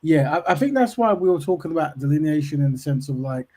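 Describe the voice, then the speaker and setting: Higher-voiced man in casual discussion. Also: animated, quick pace, darkish tone. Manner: repeats words when starting, affirms with "of course".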